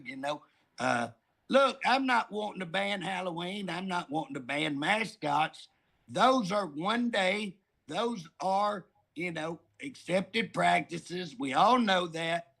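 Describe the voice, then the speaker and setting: Middle-aged Oklahoma man, high gravelly voice, folksy joker telling stories. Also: expressive, slow pace, a bit bright. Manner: folksy, joking, drawling storyteller. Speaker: politician guest. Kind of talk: casual talk show chat.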